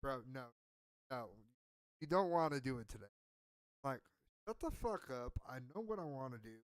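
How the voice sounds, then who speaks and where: A man's voice: mid-range voice, animated, moderate pace, clear, resonant tone, no echo. A man telling a story on a podcast in a rambling, profane, self-mocking way. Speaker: podcast co-host. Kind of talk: casual storytelling.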